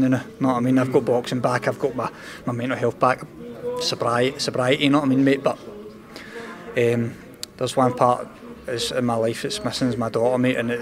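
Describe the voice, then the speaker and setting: Young glasgow guy talking real fast, pretty flat delivery, keeps saying mate, earnest boxer in an interview. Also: medium pitch. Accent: Scottish, Glasgow. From Scotland. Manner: rapid, earnest, says "know what I mean" and "mate" constantly. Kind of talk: candid interview talk.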